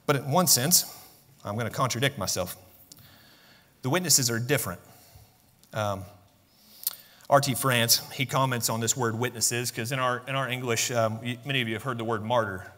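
A man's voice: medium pitch, moderate pace, pauses often, fairly bright tone. A man preaching a sermon with passion, acting out the voices of biblical figures as he goes. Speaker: pastor. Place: church sanctuary. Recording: long church reverb.

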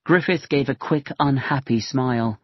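A man narrating a story in a careful, expressive audiobook reading. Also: mid-range voice, moderate pace, breathy edge, no room sound. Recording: dry, dull-sounding voice recording.

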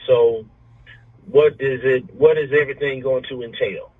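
Male caller, husky, hesitant brief answers, phone-quality sound. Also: mid-range voice, steady tone, a little slow. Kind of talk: phone conversation. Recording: tinny phone line.

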